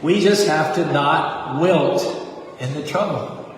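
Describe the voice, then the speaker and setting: Older male preacher, 70s, earnest and exhorting, slightly high voice, distant in a very echoey hall. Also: takes it slowly. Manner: earnest, exhorting, leads chants. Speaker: temple preacher. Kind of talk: sermon with rap and call-and-response chanting. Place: temple hall. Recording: echoey hall from far off, faint noise.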